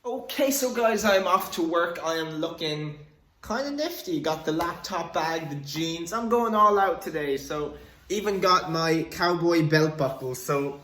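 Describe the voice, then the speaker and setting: A man's voice: a little high, unhurried, pushed and bright. A young man talking casually to the camera in a vlog, hyper and jokey, rambling from one thing to the next. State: out of breath. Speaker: vlogger.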